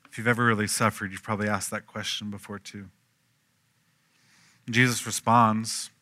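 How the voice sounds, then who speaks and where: A man preaching a sermon, telling stories with lively acted-out voices and swinging from hushed to loud. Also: lowish voice, normal speed, no echo. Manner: animated storytelling, acting out quoted voices, swinging from hushed to loud. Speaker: pastor.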